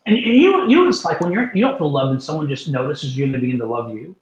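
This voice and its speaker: Animated, emphatic man telling a story. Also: fairly high pitch, fast talker, reverberant, low-quality recording. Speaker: guest minister. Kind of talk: storytelling in a faith talk show.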